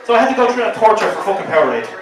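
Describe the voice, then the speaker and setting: Dublin-accented male stand-up, high, lively and foul-mouthed, heard from afar in a packed, echoey bar. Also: rapid-fire. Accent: Dublin Irish. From Ireland. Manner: profane, animated storytelling. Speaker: stand-up comedian. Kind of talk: stand-up comedy set. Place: crowded bar at an open mic. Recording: echoey bar, far from the mic, crowd noise.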